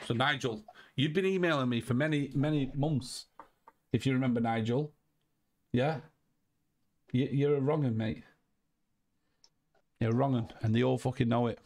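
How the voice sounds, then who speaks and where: A man's voice: mid-range voice, moderate pace, pauses often, a little mellow. A man hosting a call, talking in a heated, emphatic way, swearing and repeating himself. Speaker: host. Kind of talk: heated casual call chat.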